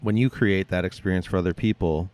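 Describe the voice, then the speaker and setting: A man's voice: low-pitched, a little fast, a little mellow. A man hosting a podcast, asking his guest questions and cutting in with brief words of agreement. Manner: brief, affirming interjections. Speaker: podcast host. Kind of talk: casual interview.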